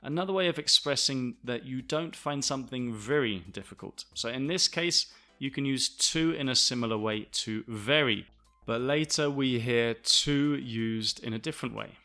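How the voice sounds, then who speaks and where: A man from the south of England explains English words to learners in a bright, forward voice. He speaks with a Southern English accent at a steady middle pitch. He is clear and deliberate and spells words out letter by letter. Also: soft background music. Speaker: English teacher, podcast host.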